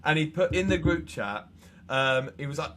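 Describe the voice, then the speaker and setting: A young man, co-hosting a casual podcast and telling lively stories with a ready laugh. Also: fairly high pitch, moderate pace, slight background noise. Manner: animated storyteller, laughs easily. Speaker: podcast co-host. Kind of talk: casual chat.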